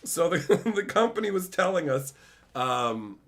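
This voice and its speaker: A man's voice: fairly high pitch, a little slow. A man in his thirties chatting casually on a stream, sarcastic and jokey. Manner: animated, jokey, sarcastic, swings into funny voices. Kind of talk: casual chat.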